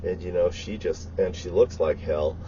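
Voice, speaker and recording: Swearing, ranting man with a mellow voice. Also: low voice, moderate pace, highs cut off, a little hiss or hum. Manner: heated, swears constantly, rambling. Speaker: vlogger. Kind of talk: profane ranting monologue.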